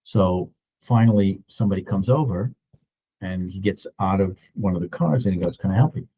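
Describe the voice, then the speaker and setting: Deep-voiced man in his sixties telling a story. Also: normal speed, husky, dull audio. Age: 60s. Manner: animated storytelling, acting out other people's voices. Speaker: real estate agent. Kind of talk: storytelling vlog.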